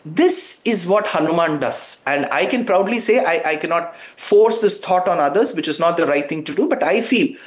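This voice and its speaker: A man's voice: fairly high pitch, animated, moderate pace, few pauses. A man, a guest giving fervent, emphatic commentary on a talk show.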